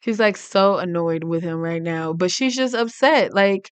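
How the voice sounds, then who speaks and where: A woman gives casual let's-play commentary on a life-sim game and narrates what her characters feel. She talks in a chatty, giggly way, and her voice is clear and smooth. Her pitch sits slightly low for a woman. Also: a little slow, no echo. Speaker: gaming channel host.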